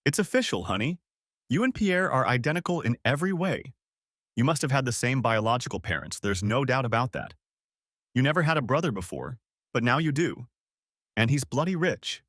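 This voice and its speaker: A man voicing an excited young wife who gushes over wealth in a story reading. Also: medium pitch, brisk, dry recording, studio quality. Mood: thrilled. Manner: gushing, breathless questions.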